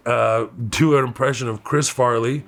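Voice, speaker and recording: A man with a Houston Texan accent telling stories from his youth in a candid interview, animated and laughing often. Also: medium pitch, moderate pace. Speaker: comedian guest.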